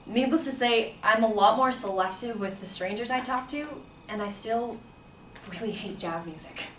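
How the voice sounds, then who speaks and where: A woman's voice: on the high side, moderate pace, a bit bright. Woman telling a story in a roomy space. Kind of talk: personal story told to an audience. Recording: roomy, distant mic with faint background noise.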